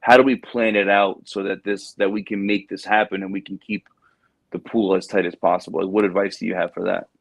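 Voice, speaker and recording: A man hosting a podcast, telling a story in a casual, lively way and acting out the people in it. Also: low voice, fairly quick, creaky, no echo. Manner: animated storyteller, acts out quoted people. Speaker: podcast host.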